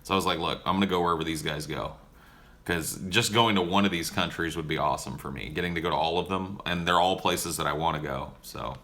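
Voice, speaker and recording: A man's voice: low voice, quick pace, a bit bright. A young man casually answering viewer questions on a livestream in a profane, joking, laid-back way.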